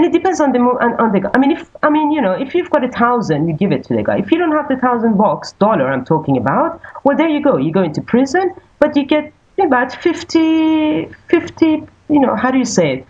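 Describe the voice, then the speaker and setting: A woman from Iran speaking earnestly in a casual podcast discussion, halting and restarting often. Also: a little high, sing-song, darkish tone, husky, highs cut off. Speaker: guest.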